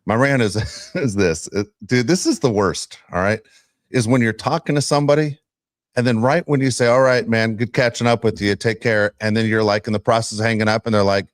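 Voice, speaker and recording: A man's voice: medium pitch, a little fast, no echo, clean studio sound. A middle-aged man hosting a casual sports podcast, telling stories and ranting with frequent laughs. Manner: animated storyteller, ranting, laughs often. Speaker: podcast host.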